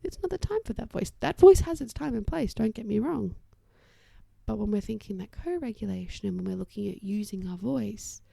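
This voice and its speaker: A young woman talks through parenting strategies on her solo podcast. Her voice is deep-toned and mellow with a gravelly edge, and it sounds dry and close. She is chatty and reassuring and often drops to a soft whisper. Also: normal speed, dry recording. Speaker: occupational therapist podcast host.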